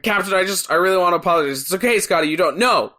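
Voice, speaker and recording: A sheepish male starship engineer, put on by a podcast host, rambles through an awkward apology to his captain. The delivery is lively and bounces up and down, told as a casual joke. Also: mid-range voice, very fast. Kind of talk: joking retelling of a comedy bit.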